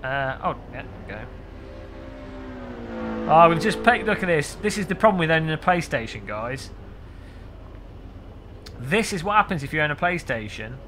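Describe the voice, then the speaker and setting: A man's voice: on the high side, expressive, normal speed, long pauses, fairly bright tone, slight background noise. A man streaming a racing game, chatting and joking with his viewers while he sets up a server. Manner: chatty, jokey, talks to chat while setting up. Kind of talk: casual live-stream chat.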